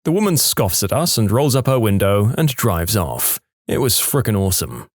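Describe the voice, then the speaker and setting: A man reading stories aloud with a dry, deadpan delivery. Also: fairly low pitch, moderate pace, no echo. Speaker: story narrator.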